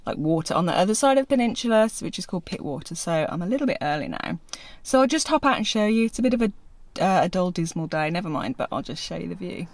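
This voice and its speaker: A woman's voice: on the low side, lively intonation, quick pace, a little mellow. A woman vlogging casually as a pet sitter, chatting to the camera and cooing playfully at the pets. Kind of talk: casual vlog chat.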